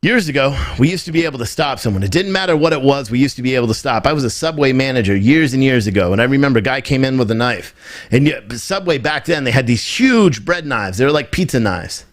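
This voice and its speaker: An American man with a mid-range voice delivers quick, animated political commentary on a live stream, reacting off the cuff to viewer chat. He is emphatic and rambling, repeating points, firing rhetorical questions, and often restarting sentences.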